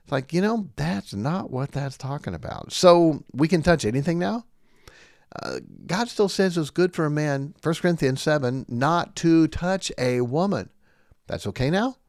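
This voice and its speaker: A man's voice: a little high, animated, moderate pace, dry recording, clean studio sound. A man preaching on a podcast, reading scripture and firing off scornful rhetorical questions.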